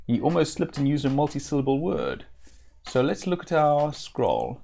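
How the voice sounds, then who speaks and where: A man streaming a classic role-playing game, casually thinking aloud with frequent pauses and fillers. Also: mid-range voice, wildly swooping pitch, creaky, a little mellow. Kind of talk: live-stream gameplay commentary.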